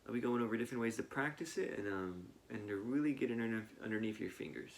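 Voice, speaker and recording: A man teaching a cello piece in a relaxed, casual way, pausing with fillers and counting rhythms aloud. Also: mid-range voice, gravelly, a little hiss or hum. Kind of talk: casual instructional talk. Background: cello playing between explanations.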